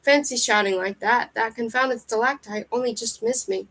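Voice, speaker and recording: A woman reading aloud, voicing a huge skeletal male ferryman who speaks in hushed, hissing, evasive tones. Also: on the high side, moderate pace.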